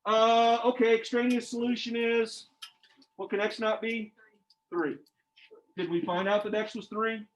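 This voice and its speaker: A man's voice: high voice, little pitch movement, measured pace, pauses often. A man teaching algebra to a class, informal and joking, quizzing his students as he works through problems. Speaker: math teacher. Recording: dull lo-fi classroom recording.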